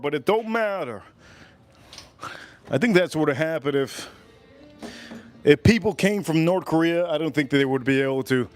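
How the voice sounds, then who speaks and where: A man in his forties from the United States talks loosely to his livestream audience while he cooks, with a voice pitched a little above most men's. He rambles, circles back and repeats the same phrases while he hunts for the next words. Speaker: livestream cooking host. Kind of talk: casual livestream chat.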